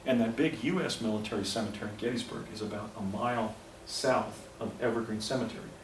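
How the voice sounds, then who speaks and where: A man's voice: lowish voice, quick pace. Man lecturing from afar in an echoey hall. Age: 50s. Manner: rambling, with restarts and digressions. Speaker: presenter. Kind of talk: lecture presentation. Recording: echoey room, distant mic, faint noise.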